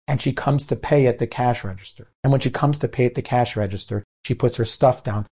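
A man, a rabbi, telling a story in an animated way and acting out the characters. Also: mid-range voice, fairly quick, breathy edge. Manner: animated, acts out characters' voices. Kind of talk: storytelling talk.

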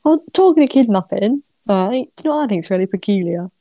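A woman's voice: mid-range voice, lively intonation, fast, mellow, no echo. An English woman co-hosting a podcast, chatting casually and teasing her co-host. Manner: laughs along, teasing. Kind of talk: casual comedic chat.

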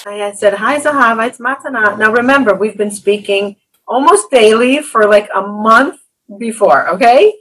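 A woman hosting a conversational interview who tells stories in an earnest, animated way. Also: mid-range voice, moderate pace, slightly rough, low-quality recording. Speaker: podcast host.

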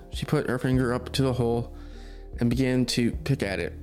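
Guy reading a creepy story out loud, steady pace, faint music behind. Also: mid-range voice, a little fast. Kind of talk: podcast story narration.

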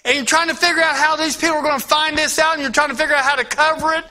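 A man preaching a sermon with passion, shifting between loud, urgent lines and hushed, near-whispered ones. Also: very high-pitched, steady tone, racing. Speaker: pastor.

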